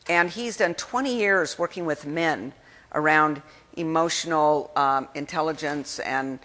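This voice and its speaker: A woman giving an energetic keynote speech at a conference, talking in a lively, conversational way and acting out the people she quotes. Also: low voice. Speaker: keynote speaker. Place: conference hall. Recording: long hall reverb.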